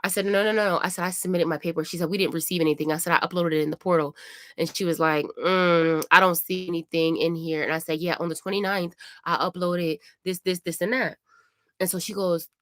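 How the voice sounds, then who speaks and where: Mom vlogger at home, lower voice, talks animated and chatty, acts out what everybody said, dry sound. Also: female voice, fast, no echo. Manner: animated, chatty retelling with acted-out quotes. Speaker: family vlogger, mother. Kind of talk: casual vlog storytelling.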